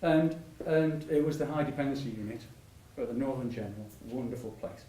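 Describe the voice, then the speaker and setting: A man's voice: medium pitch, fairly quick, warm tone. An older man, telling stories in a public talk, rambling with many restarts and frequent laughter. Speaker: patient speaker at a public talk. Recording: echoey hall, mic at a distance.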